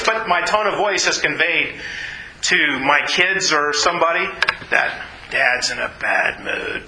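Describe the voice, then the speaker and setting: A man's voice: sits high, pushed and bright, echoey room, rough recording. A man preaching a sermon in an earnest, conversational way, often repeating his phrases. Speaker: pastor.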